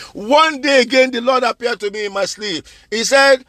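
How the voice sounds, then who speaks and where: A male preacher with a high-pitched voice delivers his sermon in a dry, close recording. He is fervent and keeps coming back to the same words. He presses his listeners with direct questions. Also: very animated, measured pace, pushed and bright, no echo. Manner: fervent, repeats phrases for emphasis.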